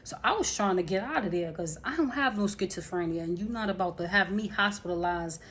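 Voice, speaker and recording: A woman's voice: lowish voice, animated, brisk, a bit bright, a little hiss or hum. A woman telling a personal story to her camera in a rambling, unscripted way, with many fillers and restarts. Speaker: vlogger.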